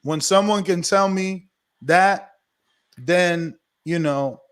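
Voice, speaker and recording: High-voiced emphatic American man. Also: takes it slowly, a bit bright, clear, resonant tone. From United States. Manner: emphatic, persuasive, rhetorical questions. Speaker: boxing podcast host, guest. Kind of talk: casual interview chat.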